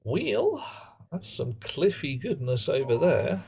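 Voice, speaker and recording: Slow, easygoing man streaming a game. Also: fairly low pitch, a little hiss or hum. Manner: relaxed, rambling, chatting to viewers between game remarks. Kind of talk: casual live-stream commentary while playing.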